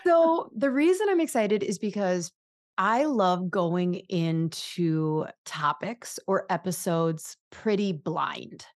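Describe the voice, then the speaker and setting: A woman's voice: fairly low pitch, lively intonation, takes it slowly. Bubbly, chatty American woman host. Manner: bubbly, chatty, self-deprecating. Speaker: podcast host. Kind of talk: casual podcast chat and spoken prayer.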